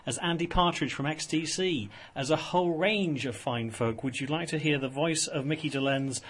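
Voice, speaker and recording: A man's voice: on the high side, normal speed, fairly bright tone, a little hiss or hum. A man presenting a casual radio chat show in a studio, rambling with many fillers and restarts. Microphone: studio microphone.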